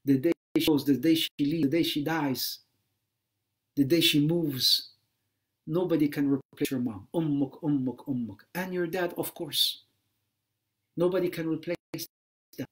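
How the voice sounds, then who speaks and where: This male Islamic lecturer speaks a little slowly in a slightly high, somewhat bright voice, keeping a steady tone and leaving long pauses. His livestreamed religious lecture is impassioned, full of repeated phrases for emphasis and sprinkled with Arabic religious phrases.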